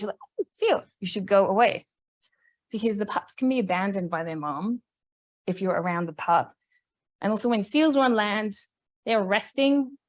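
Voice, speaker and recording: A woman giving a conference talk, chatty and animated, laughing often. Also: medium pitch. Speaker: conference presenter.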